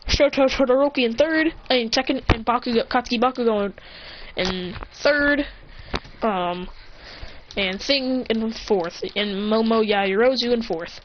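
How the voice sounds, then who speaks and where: A woman's voice: on the high side, measured pace, dull audio, slight background noise. A woman casually narrating an improvised fan-fiction story, rambling and correcting herself as she goes. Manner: rambling, self-correcting, giggly.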